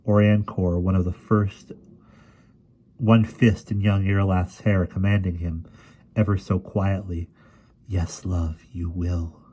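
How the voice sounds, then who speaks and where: A man reads a fantasy novel aloud in a steady, measured way. His voice sits low and sounds dark and mellow. Now and then he restarts a word and carries on. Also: slight background noise. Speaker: reader. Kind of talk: audiobook narration.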